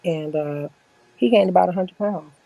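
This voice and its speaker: A woman's voice: lowish voice, moderate pace, vocal fry, mellow, dry recording, low-quality recording. A woman in her forties telling stories in a casual chat as a podcast guest, blunt, boastful and full of profanity.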